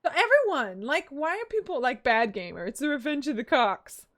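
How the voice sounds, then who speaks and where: A woman's voice: high-pitched, big pitch swings, normal speed, a bit bright. A woman streaming a video game and chatting casually with her viewers, giggly and teasing. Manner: chatty, giggly, answers chat. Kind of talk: casual live-stream chat.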